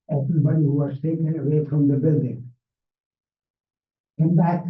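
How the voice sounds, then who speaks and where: An older man with a Hungarian accent, a Holocaust survivor giving a measured personal testimony talk with non-native grammar, his first language Hungarian. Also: on the high side, fairly even intonation, narrow, tinny audio. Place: library event room. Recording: echoey, distant, phone-thin sound.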